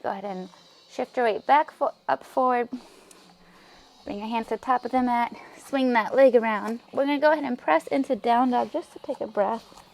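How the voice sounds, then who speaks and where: Gravelly-voiced woman guiding a yoga class. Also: fairly high pitch, moderate pace. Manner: calm, encouraging cues, breathy asides. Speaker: yoga instructor. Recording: music playing faintly behind.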